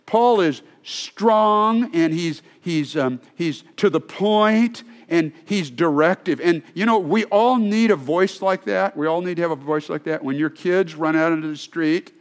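Slightly high-voiced man preaching a sermon. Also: a little slow, hardly any pauses. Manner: conversational storytelling with frequent restarts. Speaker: pastor.

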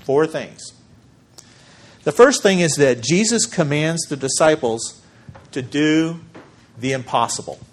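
Emphatic pastor preaching a sermon. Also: male voice, fairly high pitch, lively intonation. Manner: measured, emphatic preaching with deliberate pauses.

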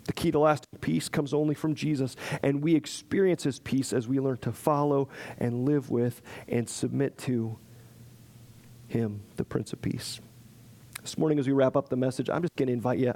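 Man, pastor, sermon, earnest, pleading, mid-pitched voice. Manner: earnest, pleading, drops to soft prayer.

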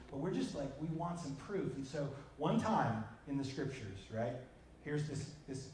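A man preaching a conversational sermon, emphatic, swinging between loud and hushed passages. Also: on the high side. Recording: roomy echo with faint background noise.

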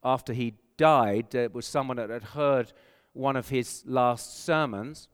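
A man's voice: mid-range voice, a little slow, clear, resonant tone, big-room sound. A man with an English accent, preaching a sermon as a pastor, earnest and emphatic, posing rhetorical questions to the congregation. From England.

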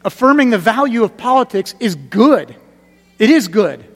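A pastor with a very high, sing-song voice preaches a sermon in a large hall at a moderate pace. He is conversational and emphatic, repeating key points and dropping into a quiet, grave tone.

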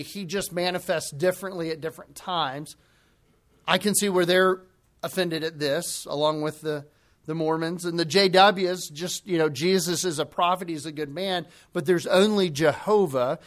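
A man delivers a sermon in a fairly high voice. He talks emphatically and stretches out the phrases he wants to drive home. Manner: emphatic, slows down to stress key phrases. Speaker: preacher.

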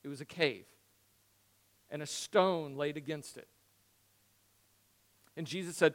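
A man preaching a sermon, acting out Bible dialogue with animated swings and dropping to hushed tones for emphasis. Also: fairly high pitch, slow pace, pauses often. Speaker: pastor.

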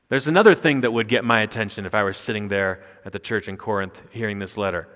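A man's voice: on the low side, quick pace, hardly any pauses, a bit bright. Emphatic male pastor preaching in a hall. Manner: emphatic, rising sharply when quoting scripture. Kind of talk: expository sermon. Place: church sanctuary. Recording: long hall reverb.

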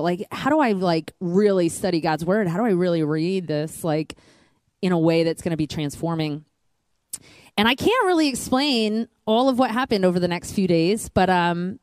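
A woman's voice: darkish tone, no room sound. A woman in her thirties telling her personal faith testimony, earnest and rambling, full of "like". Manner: earnest, says "like" often, voice rises high with emotion. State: near tears. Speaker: guest, future church planter.

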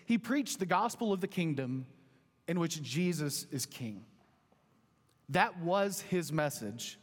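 A man in his thirties, a pastor, telling a story in an animated, conversational sermon. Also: fairly high pitch, takes it slowly. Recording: long hall reverb.

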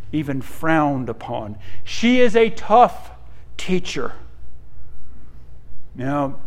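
A middle-aged male pastor preaching a sermon, earnest, dropping to hushed tones and rising to emphatic peaks. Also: high voice.

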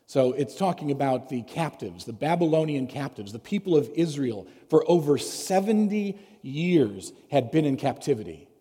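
Storytelling pastor in a reverberant church. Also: male voice, on the high side, very animated, moderate pace, hardly any pauses, warm tone, husky. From United States. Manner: storytelling, conversational, asks the congregation questions. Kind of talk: sermon. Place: church sanctuary. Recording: long reverb of a church hall.

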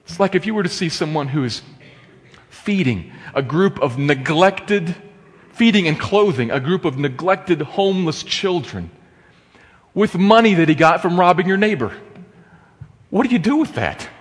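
A man preaching a sermon, swinging between quiet, measured teaching and impassioned exclamations and rhetorical questions. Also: high-pitched, expressive. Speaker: pastor. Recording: long hall reverb.

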